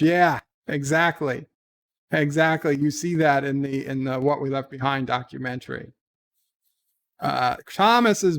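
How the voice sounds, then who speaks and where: A man's voice: on the high side, normal speed, a bit bright. A man hosting a livestream from home, reading viewer comments and answering in a joking, offhand way. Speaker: livestream host.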